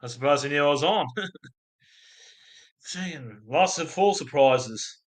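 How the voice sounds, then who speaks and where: An Australian man with a slightly high voice, lively intonation and a somewhat slow pace chats on a live stream. He rambles between topics, reads out viewer comments, and often laughs at his own crude jokes.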